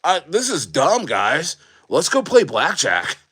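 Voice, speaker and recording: A man mockingly impersonating a whiny male celebrity sulking over his losses, pitched well above his own voice. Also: huge pitch swings, slow, pushed and bright, slightly rough, full character voice. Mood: mock sulk. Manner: mocking, high whine.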